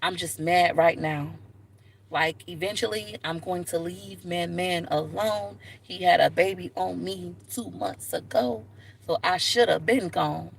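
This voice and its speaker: A woman's voice: a little slow, creaky, slight background noise. A woman doing a heartbroken girlfriend moping over her diary. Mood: mopey, hushed. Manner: low, hushed, self-pitying.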